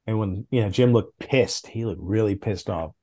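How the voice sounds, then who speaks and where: A middle-aged man, a former comics editor, telling stories as a podcast guest in a lively, casual way, with big swings in pitch. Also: moderate pace. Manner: animated anecdotes, with big jumps in pitch.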